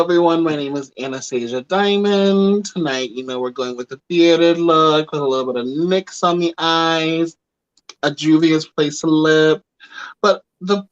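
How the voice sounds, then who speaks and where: A man in drag as a co-host, chatting casually and laughing as he introduces his look on a live stream. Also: fairly high pitch. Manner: slow, relaxed, laughing introduction. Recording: dull lo-fi stream audio.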